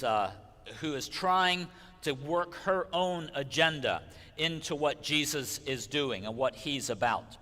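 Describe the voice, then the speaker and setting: A man preaching a sermon as pastor, in an animated, conversational way that keeps checking in with the listeners. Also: a little high, long reverb tail. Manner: animated, conversational, asks "right?" often. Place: church sanctuary.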